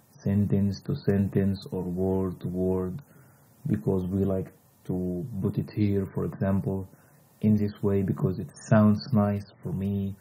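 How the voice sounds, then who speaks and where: A man's voice: on the low side, slightly rough, phone-quality sound. A man from Egypt with an Egyptian accent, teaching vocabulary patiently and repeating each word several times. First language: Egyptian Arabic. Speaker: language teacher. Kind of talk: slow vocabulary lesson with repetition.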